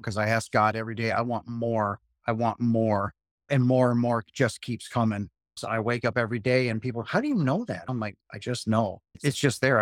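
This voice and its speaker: A man's voice: medium pitch, no room sound, clean studio sound. A man in his fifties, a guest talking earnestly about spiritual experiences and repeating phrases for emphasis. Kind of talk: spiritual interview talk.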